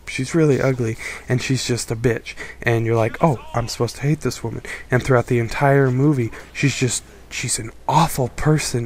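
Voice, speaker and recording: A young adult man giving a casual, critical film review, rambling and exasperated. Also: medium pitch. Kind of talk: casual opinion monologue.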